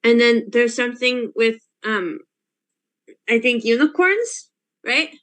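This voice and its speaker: A woman's voice: on the high side, animated, takes it slowly, a bit bright. A woman playing a student in a tabletop game over a video call, hesitant and questioning, with many likes and ums. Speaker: player.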